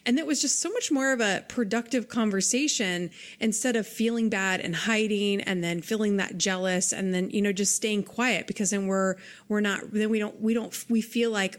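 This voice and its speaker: A woman's voice: medium pitch, brisk, hardly any pauses. A woman hosting a podcast, talking earnestly and from the heart in casual interview chat, often restarting her sentences. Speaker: podcast host.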